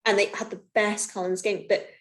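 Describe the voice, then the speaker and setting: A woman co-hosting a relaxed conversational podcast, with a mid-range voice. She talks in a loose, casual way, often filling her pauses with "like" and "um". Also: mid-range voice. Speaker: podcast co-host.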